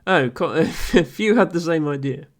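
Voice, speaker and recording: A man streaming a word game and chatting casually with viewers in a dry, amused way, thinking aloud with soft chuckles and ums. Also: fairly high pitch, lively intonation, unhurried.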